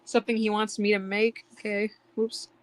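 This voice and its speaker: A woman's voice: mid-range voice, flat delivery, normal speed, no echo. A woman guest artist chatting casually and laughing often while she draws on a stream.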